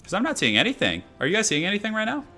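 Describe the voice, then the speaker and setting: A man's voice: high-pitched, wildly swooping pitch, very fast, pushed and bright, faint music behind. A young man casually commenting on his live game stream, chatting loosely and answering chat as he goes. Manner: chatty, reads chat aloud, many fillers.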